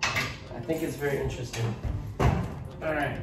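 A man's voice: medium pitch, steady tone, unhurried, over loud music. A man vlogging casually, telling a long story with many ums and restarts, then touring a storage unit he bought. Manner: chatty, rambling, frequent ums and restarts. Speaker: storage locker buyer and vlogger.

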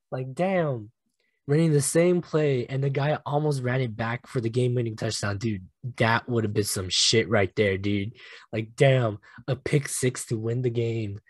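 Excitable guy rambling solo about sports. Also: mid-range voice, a little slow, dry recording. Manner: animated, emotional, swears casually, laughs at himself. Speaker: podcast host.

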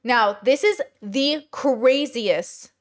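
A woman's voice: fairly high pitch, very slow. A woman hosting casual commentary, talking in a chatty way with many fillers and rhetorical questions. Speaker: commentary host.

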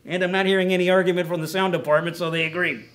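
A man's voice: high voice, steady tone, very fast, a bit bright. A man co-hosting a casual top ten list show, rambling with wry asides and self-corrections. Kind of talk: casual joking commentary.

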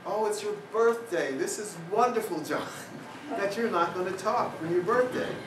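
A man's voice: high voice, animated, moderate pace, pitched above the performer's own voice. A cheerful young woman, delighted and teasing, as a male storyteller quotes her in a slightly raised voice. She is heard through an echoey hall from a distant mic. There is noise behind her voice.

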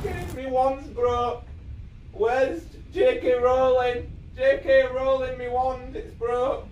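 A gamer commentating on a VR game, excitable and yelling spell words at it. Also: medium pitch, unhurried. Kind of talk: let's play commentary. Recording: echoey room, mic off at a distance, faint noise.

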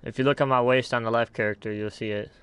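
A young man chatting casually on his live game stream, excitable and quick to laugh. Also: mid-range voice, clean tone. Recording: faint background noise.

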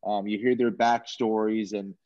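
A man's voice: on the low side, flat delivery, darkish tone, dry recording. A man in a casual chat, a commentator who halts and restarts his sentences and fills the gaps with ums. His voice comes through a dull, lo-fi, dry remote mic. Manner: halting, many restarts and fillers. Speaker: sports commentator.

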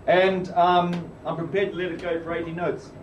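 A man doing stand-up in a pub, with a dry, rambling, deadpan delivery. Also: high voice, normal speed. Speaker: stand-up comedian. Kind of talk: stand-up comedy. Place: pub comedy club. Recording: muffled distant echoey room recording. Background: room noise.

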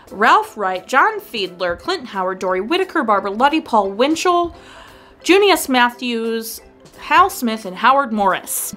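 A woman hosting a film review vlog in a casual, enthusiastic tone, rattling off cast lists and credits in eager bursts. Her voice sits at an ordinary middle pitch for a woman. Faint music plays underneath. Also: a bit bright.

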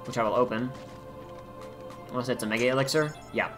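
A man's voice: medium pitch, fairly quick. A man hosting a let's play, chatting casually in an upbeat, rambling way over faint game music.

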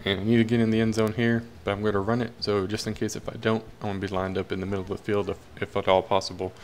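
A man's voice: lowish voice, flat delivery, very fast, darkish tone, a little hiss or hum. A young man casually commentating his own football video game, cheering and groaning at the plays. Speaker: gaming commentator.

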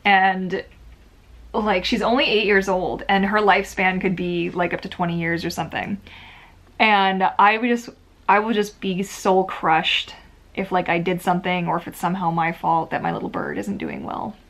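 A woman's voice: fairly low pitch, steady tone, moderate pace, a bit bright. A woman chatting casually to camera from a filming corner at home, rambling with lots of filler words. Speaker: vlogger. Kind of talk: casual vlog chat to camera.

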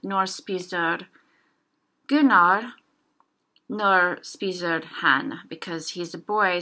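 A young woman teaching a casual language lesson, slowly sounding out example words one at a time. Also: lowish voice, bright, forceful tone.

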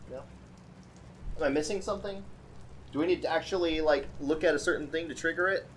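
A let's-play host talking through a game in a loose, joking way, sitting at a middle pitch. The commentary addresses both the viewers and the characters on screen. A light patter of rain sits faintly underneath. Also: brisk, slight background noise. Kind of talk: casual gaming commentary.

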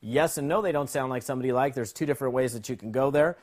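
A man teaching a sales phone script in an energetic, conversational way, acting out both sides of calls. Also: mid-range voice, racing. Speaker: sales trainer.

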